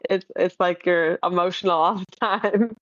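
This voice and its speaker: A woman's voice: fairly low pitch, fairly even intonation, measured pace, no echo. Candid laughing woman, dull lo-fi mic. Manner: candid, self-deprecating, laughs often, many fillers. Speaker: podcast guest. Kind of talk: casual conversation.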